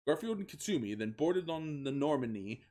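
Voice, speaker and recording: A man's voice: fairly high pitch, fairly quick. Man reading fan fiction aloud. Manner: reads in a flat voice, often breaking into laughter. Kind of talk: comedic dramatic reading.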